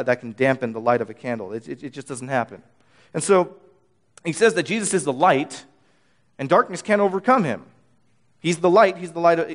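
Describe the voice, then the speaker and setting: Man, bible teacher, high voice, earnest, repetitive, restarts a lot. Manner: earnest, repeats phrases for emphasis; frequent restarts and stammered words.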